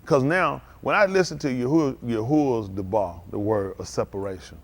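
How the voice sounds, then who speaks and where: A man preaching a live-streamed sermon at a synagogue service, in a folksy, conversational way, asking the congregation questions and now and then breaking into loud outbursts. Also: medium pitch, moderate pace, few pauses.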